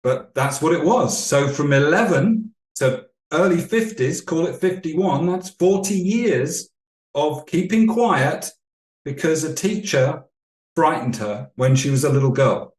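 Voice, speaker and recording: A man talking as a leadership coach guest on a podcast, explaining calmly and telling anecdotes. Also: on the high side, measured pace, roomy sound. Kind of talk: podcast interview storytelling.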